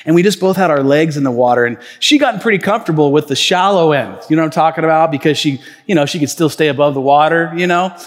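A male pastor preaching a sermon in a reverberant church auditorium. His voice sits fairly high, and he talks in a loose, storytelling way with plenty of fillers and restarts. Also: quick pace, hardly any pauses. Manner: conversational storytelling with many fillers.

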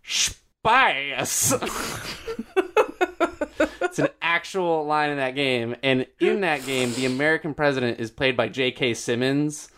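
A man in casual chat, swearing a lot, joking and slipping into quick voice impressions. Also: mid-range voice, a bit bright, slight background noise.

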